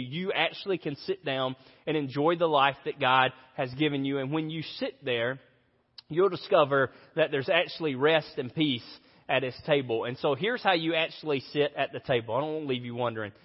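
A man in his thirties preaches a sermon in a church, earnest and conversational with a dry self-mocking streak. His voice carries the long echo of a large hall, and the recording sounds a little dull. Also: fairly high pitch. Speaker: pastor. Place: church auditorium.

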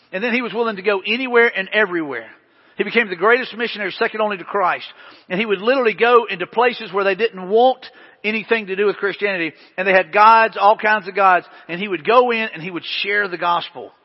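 A man preaching to a congregation in a church hall, telling stories in a conversational way with folksy asides. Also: high-pitched. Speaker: pastor. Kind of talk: sermon. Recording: long hall reverb, dull lo-fi sound.

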